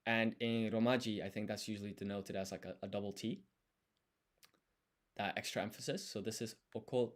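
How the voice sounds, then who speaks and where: Lower-voiced man explaining step by step. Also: steady tone, a little fast. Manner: thinks aloud while writing, explains step by step. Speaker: language learner. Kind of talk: casual study livestream.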